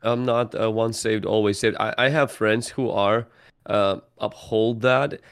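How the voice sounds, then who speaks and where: A man speaking as a podcast guest, measured and careful, pausing with hesitations as he sets up his answer. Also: lowish voice, steady tone, gravelly, smooth, no echo, studio quality. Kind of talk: podcast discussion.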